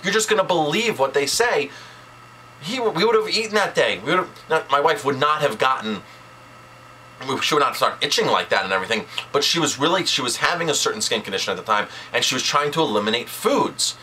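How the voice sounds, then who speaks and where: A male chef talks straight to camera in an outraged vlog rant. His voice is bright and forceful, and he stresses his points by repeating words. Faint noise sits under the recording. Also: on the high side, lively intonation, brisk, poor audio.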